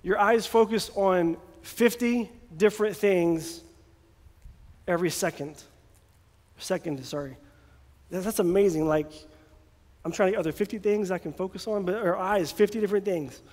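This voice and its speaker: A man's voice: high-pitched, moderate pace, a little mellow. A man preaching a sermon in a casual, joking way, sometimes acting out voices, recorded in a church. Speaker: pastor. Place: church sanctuary. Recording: long hall reverb.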